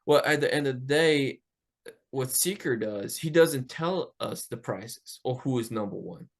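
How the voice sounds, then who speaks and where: A man hosting a podcast, telling a casual story in an animated way, swearing freely and acting out the quotes. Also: medium pitch, measured pace. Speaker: podcast host.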